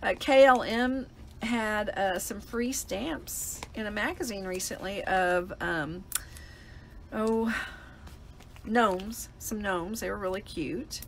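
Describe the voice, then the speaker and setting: A woman's voice: medium pitch, takes it slowly, a little hiss or hum. A woman hosting a live paper crafting demonstration, chatting and explaining each step as she works at a desk mic.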